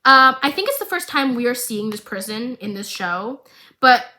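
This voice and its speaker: A woman's voice: a little high, lively intonation, moderate pace, pushed and bright. A young woman giving a chatty, comedic recap of a show, swearing and cracking jokes at the characters. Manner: chatty, swears, makes fun of the characters, does funny voices for them. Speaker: recap vlogger.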